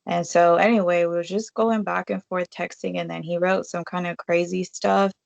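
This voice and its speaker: A woman vlogger with a fairly low, creaky voice and little pitch movement tells a personal story at normal speed. She's chatty and full of fillers, acting out the lines she said to others. The recording is dry and muffled.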